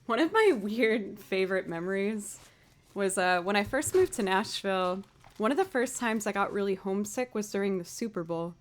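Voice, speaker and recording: A woman's voice: mid-range voice, lively intonation, moderate pace. A woman from Massachusetts hosting a live music stream, chatting casually between songs and telling a story with a laugh. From United States, Massachusetts.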